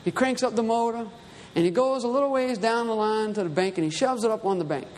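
A man's voice: sits high, fast, darkish tone. Male preacher, conversational storyteller rising to emphatic peaks; reverberant hall, faint room noise. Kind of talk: sermon.

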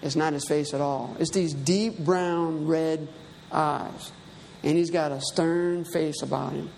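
A man's voice: a little high, fairly even intonation, takes it slowly, creaky, darkish tone. Male preacher, conversational storyteller rising to emphatic peaks; reverberant hall, faint room noise. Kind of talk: sermon.

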